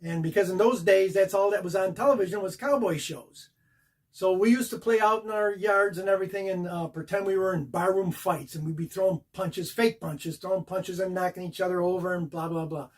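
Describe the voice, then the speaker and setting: An older man with a husky, somewhat high-pitched voice tells a story from his acting career straight to the camera. He talks casually and with animation, walking through each moment of the action step by step. The tone stays relaxed and personal. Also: a little fast. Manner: animated, acts out the scene beat by beat. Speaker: actor telling a career story.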